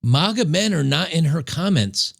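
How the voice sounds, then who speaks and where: A man hosts a reaction commentary and picks apart clips in a mocking, sarcastic tone. His voice is gravelly with plenty of fry, and it sits a little high for a man. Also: lively intonation, normal speed, slight background noise. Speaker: commentary host.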